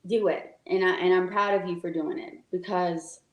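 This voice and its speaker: Twenty-something woman, earnest and a little emotional, lowish voice, echoey room. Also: steady tone, normal speed, lo-fi sound. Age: 20s. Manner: earnest, filler-heavy, emotional. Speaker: guest, youth group founder. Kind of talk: casual interview talk.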